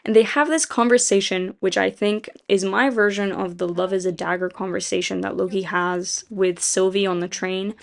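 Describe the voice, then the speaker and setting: A woman with a gravelly, low-fry voice walks through a story plot in a loose, rambling way. She leans on fillers and slips into quoting characters. She swears casually and does not hold back her opinions. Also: steady tone, moderate pace, hardly any pauses. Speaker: video essayist.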